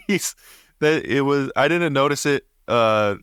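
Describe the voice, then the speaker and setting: A man's voice: medium pitch, animated, slow, a bit bright, clear, resonant tone, no room sound, studio quality. A young man co-hosting a casual movie review podcast, easygoing and agreeable, laughing along. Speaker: podcast co-host.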